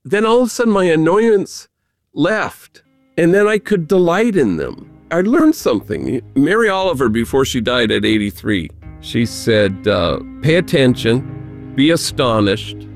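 A man who is a Jesuit priest, talking earnestly with gentle humor as an interview guest and telling stories. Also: a little high, sing-song, moderate pace, faint music behind. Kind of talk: conversational storytelling interview.

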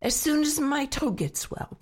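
A woman's voice: high voice, animated, measured pace, pitched above the performer's own voice. Woman doing a grumbling farm boy of nine. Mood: eager. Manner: yelps and whines in complaint. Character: husky nine-year-old farm boy, hot and grumbling.

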